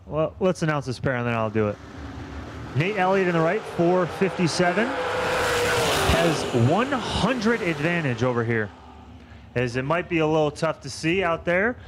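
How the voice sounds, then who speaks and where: A man calling drag races and making track announcements, brisk and dryly teasing his co-announcer. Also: fairly high pitch, a little hiss or hum. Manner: brisk, dry, teasing banter. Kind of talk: race commentary and track announcements.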